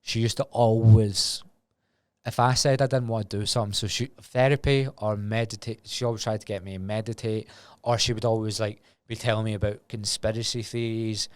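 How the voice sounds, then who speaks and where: A man's voice: lowish voice, fairly even intonation, a little fast, no echo. A Scottish man in his twenties talking candidly and rambling on a solo podcast, swearing freely. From Scotland. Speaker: podcast host.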